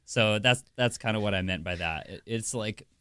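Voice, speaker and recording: A man's voice: fairly low pitch, normal speed, smooth. A man from America co-hosting a podcast, telling stories in casual chat and laughing often. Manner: animated storytelling, laughs often. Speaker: podcast co-host.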